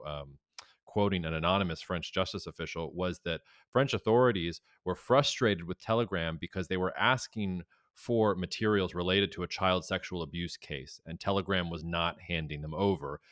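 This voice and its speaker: A man co-hosting a podcast, giving casual analysis in a measured, explanatory way. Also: low-pitched, fairly bright tone, no room sound, clean studio sound. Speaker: co-host analyst.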